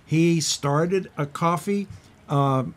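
An older man hosting a TV talk show, chatting casually and jokingly with a guest, with a slightly husky voice and big swings when he tells a story. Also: slow. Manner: animated, jokey, big pitch swings when telling stories. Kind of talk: casual TV interview chat. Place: TV studio.

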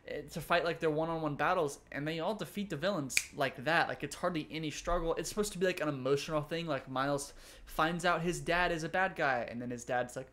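A man's voice: fairly high pitch, fairly bright tone. Exasperated young man reviewing a cartoon. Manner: rambling, exasperated, filler-heavy. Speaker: YouTube reviewer. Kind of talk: casual review monologue.

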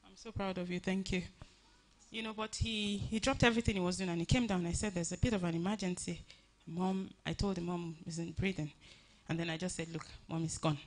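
A woman giving a personal tribute at a funeral service, telling her story earnestly with many halting restarts. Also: on the low side, steady tone.

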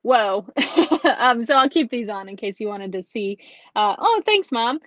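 A woman's voice: on the high side, expressive, a little slow, fairly bright tone, no echo. A woman hosting a live card-making tutorial, chatting casually and reading viewer comments between steps. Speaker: stamping and card-making host. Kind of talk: live craft tutorial with chat. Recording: dull, slightly lo-fi dry stream sound.

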